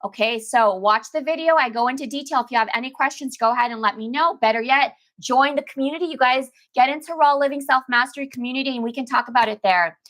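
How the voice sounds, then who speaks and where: Talking fast with few pauses, this detox coach has a high, fairly bright voice. Her casual live-stream talk to viewers is emphatic and repetitive, peppered with "baby" and "girl."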